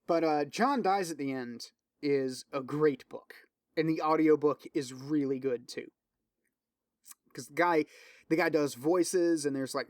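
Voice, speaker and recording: A man hosts his own casual solo podcast, rambling loosely with plenty of swearing, fillers, and restarts as he enthusiastically recommends things. His voice is mid-range with a darkish tone, and the studio sound is clean with no room sound.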